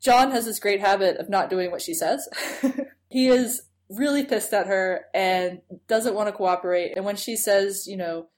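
A woman's voice: mid-range voice, normal speed. A woman co-hosts a podcast and recaps an episode in casual chat. She is enthusiastic and chatty and laughs often. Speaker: podcast co-host.

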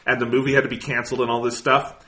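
A man's voice: medium pitch, little pitch movement, rapid-fire, sharp tone. A man hosting a casual podcast, sardonic and dismissive, swearing now and then. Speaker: podcast host.

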